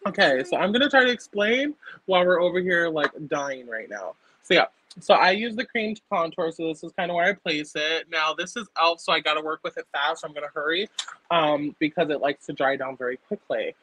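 A young woman chatting casually as she walks through a makeup tutorial on camera, full of fillers and quick to burst out laughing. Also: sits low, low-quality recording. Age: young adult. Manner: chatty, filler-heavy, breaks into loud laughter. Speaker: makeup artist guest. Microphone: laptop or phone camera.

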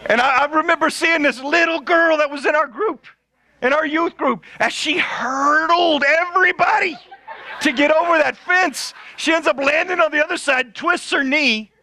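Animated guy preaching a story, bright tense tone, laughs a lot. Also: very high-pitched, normal speed, dry recording. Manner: animated, excitable, laughs often. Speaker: pastor. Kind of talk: storytelling sermon.

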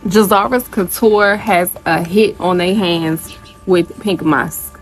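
A woman's voice: lowish voice, slow, low-quality recording. A woman vlogger chatting casually to her viewers in a product review, gushing and calling them y'all.

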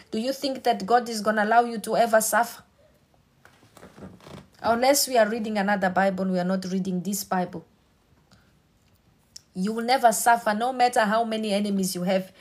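A woman preacher delivering a sermon with emphatic, repetitive exhortation. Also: mid-range voice.

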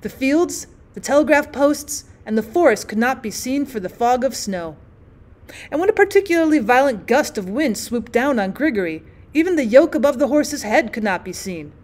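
A woman's voice: sits high, expressive, moderate pace, a little mellow. A woman teacher narrating a classic short story as an audiobook reading.

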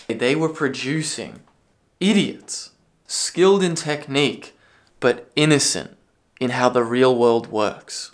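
A man in his own commentary video, ranting with a sarcastic, profane edge. His voice sits at an ordinary middle pitch, and his delivery swings from dry mockery to sudden bursts of shouting. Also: takes it slowly. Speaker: political commentary video creator.

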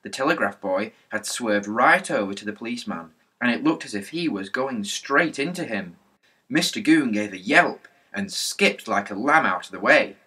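A man reading a children's mystery novel aloud in a lively storybook narration. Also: lowish voice, normal speed, breathy edge. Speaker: audiobook narrator.

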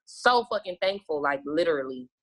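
A woman's voice: low voice, lively intonation, moderate pace, fairly bright tone, slightly rough. A woman guest telling stories in casual, profane chat, acting out her own past lines and laughing often.

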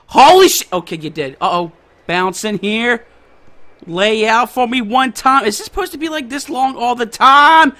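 Young dude hyping up his baseball game, high bright voice jumping all over, loud as hell. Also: moderate pace. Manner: loud and hyped, shouting at plays. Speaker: gaming YouTuber. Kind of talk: excited gameplay commentary.

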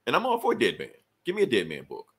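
A man's voice: mid-range voice, wildly swooping pitch, fast, fairly bright tone, breathy edge. A man hosting a casual podcast chat, recapping in a loose, rambling way with plenty of swearing. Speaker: podcast host.

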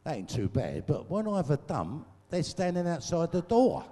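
A slightly high, warm voice with wildly swooping pitch carries this older man's moderately paced storytelling. He's a guest performer before a live audience at a large venue, telling vulgar, sweary funny tales into a stage mic and laughing at himself in an echoey hall.

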